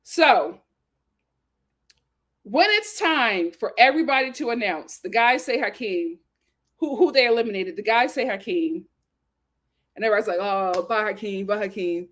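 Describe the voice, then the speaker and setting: A woman's voice: mid-range voice, normal speed, pauses often. A woman hosting her own channel, telling a reality-show recap with sassy slang, dramatic flair and lots of laughter. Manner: dramatic, animated storytelling with frequent laughter; playful slang and sass. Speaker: YouTube show host.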